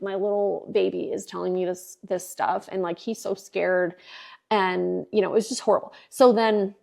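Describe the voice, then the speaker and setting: Woman, 40s, podcast host; casual, candid storyteller with a middle-pitched voice and lots of fillers. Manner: animated, filler-heavy, candid.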